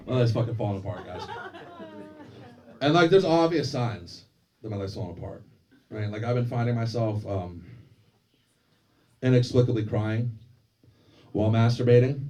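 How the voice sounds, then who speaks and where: A man's voice: medium pitch, moderate pace, long pauses, warm tone, distant mic. A man doing a crude, self-deprecating stand-up routine on a comedy club stage, bantering with the crowd. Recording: live club with crowd laughter. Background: audience laughter.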